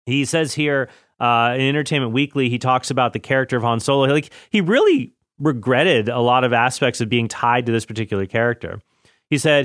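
A man in his thirties hosts a casual talk about films, rambling in a chatty way and correcting himself mid-sentence. His voice sits at an ordinary middle pitch. The recording is dry and close, with no room sound. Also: animated, fairly quick, fairly bright tone, no room sound. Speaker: film commentary host. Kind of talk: casual film commentary.

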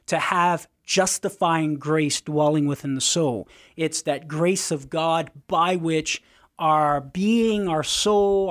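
A man on a call-in radio show answering a caller's question in a slow, deliberate, teaching manner. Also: fairly high pitch. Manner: slow, deliberate, carefully explaining.

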